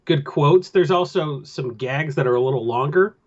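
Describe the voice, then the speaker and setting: A man's voice: fairly high pitch, moderate pace, highs cut off, faint music behind. A man chatting casually about a film as a podcast host, rambling with lots of filler. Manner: rambling, loose with filler words. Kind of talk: casual chat.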